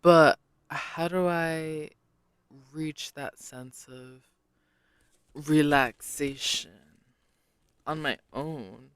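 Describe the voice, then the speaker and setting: A man's voice: fairly high pitch, fairly even intonation, drawn-out words, pauses often, fairly bright tone, clear, resonant tone, no echo. A man hosting a casual solo podcast, rambling and self-deprecating with many hesitations. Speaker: podcast host.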